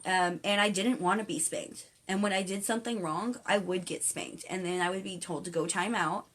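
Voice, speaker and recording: A woman's voice: medium pitch, a bit bright. A woman giving a casual live-stream monologue as a spiritual vlogger, blunt and opinionated, with casual swearing and lots of fillers and restarts. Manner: chatty, with frequent fillers and restarts.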